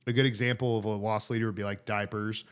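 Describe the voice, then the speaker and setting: A man co-hosting a comedy podcast, telling rambling, animated stories in casual chat with lots of fillers. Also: lowish voice, quick pace, clean tone. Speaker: podcast co-host.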